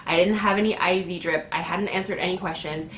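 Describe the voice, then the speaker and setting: A woman in her twenties telling a personal story in a casual, animated way, laughing often and acting out her own shouts. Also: lowish voice, a little fast. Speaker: vlogger. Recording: echoey room with faint noise.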